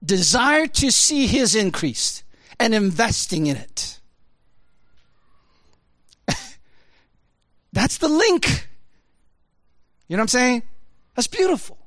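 A man preaching a casual, animated sermon, jumping from loud high emphasis to low quiet asides, with laughs and fillers. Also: slow, pauses often, no echo.

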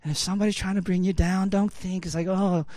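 Male preacher, casual and filler-heavy, somewhat high voice, dry close recording. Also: fairly even intonation, quick pace, no room sound. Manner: conversational, full of fillers like "you know, like"; swings between loud emphatic bursts and low quiet asides. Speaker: pastor. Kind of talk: sermon.

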